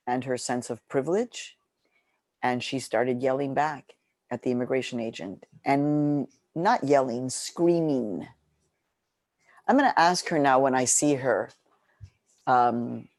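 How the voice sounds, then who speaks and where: Lady telling her story, gets animated, middle aged, dry close mic. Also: no room sound. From Mexico. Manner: animated, impassioned storytelling with lively pitch jumps. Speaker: author and journalist. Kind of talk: book talk, personal storytelling.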